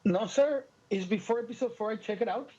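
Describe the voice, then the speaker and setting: A man with a voice that sits high talks fairly quickly, with the high frequencies cut off. He's a Latino podcast co-host, originally a Spanish speaker with a Latin American accent, keeping the chat loose, jokey, and animated.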